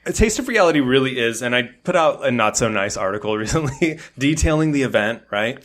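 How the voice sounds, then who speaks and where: Guy guest on a podcast just chatting, tells it animated, acts out the quotes, ordinary middle pitch. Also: fairly quick. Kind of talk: casual chat.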